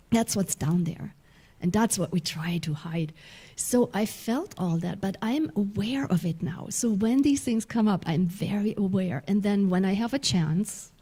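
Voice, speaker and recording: A woman's voice: mid-range voice, dark tone. A woman minister from Germany, giving a sermon. She tells a personal story, laughs often and restarts her sentences.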